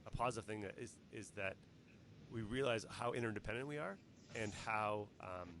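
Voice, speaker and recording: A Canadian man hosting a casual livestream interview, talking in quick, rambling, earnest bursts. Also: fairly low pitch, a bit bright, slight background noise. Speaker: host.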